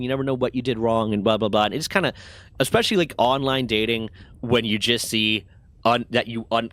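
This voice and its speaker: A man's voice: mid-range voice, fairly bright tone, no echo. A man casually telling a long story to a live chat, rambling and self-deprecating with lots of fillers.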